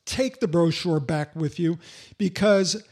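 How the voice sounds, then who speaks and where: Older male sales coach, blunt and emphatic, higher-pitched delivery. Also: slow, darkish tone. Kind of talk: podcast monologue.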